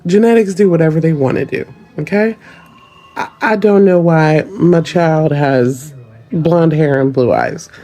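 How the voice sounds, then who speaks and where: A woman's voice: low-pitched, unhurried, mellow. A mother talking casually to camera, chatty and emphatic, with a slight Southern US accent. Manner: chatty, emphatic, repeats okay.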